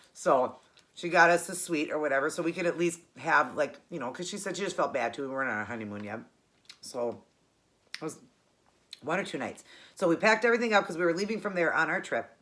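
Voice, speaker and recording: A woman's voice: sits low, lively intonation, brisk, long pauses, a bit bright. A woman hosting her own channel, telling a personal story in a chatty, rambling way and correcting herself as she goes. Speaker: cooking channel host.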